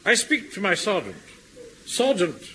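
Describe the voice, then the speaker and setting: An actor playing a pompous middle-aged Home Guard captain in a radio comedy, speaking with indignant self-importance. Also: male voice, sits high, wildly swooping pitch, measured pace, pushed and bright, full character voice, rough recording. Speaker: captain narrating a radio skit. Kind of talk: 1960s-70s radio comedy acting. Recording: hissy archive radio recording.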